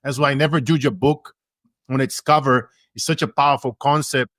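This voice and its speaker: Male host, mid pitch, reflective and affirming, dry close sound. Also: steady tone, brisk, fairly bright tone, dry recording. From Brazil. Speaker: podcast host. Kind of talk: conversational interview.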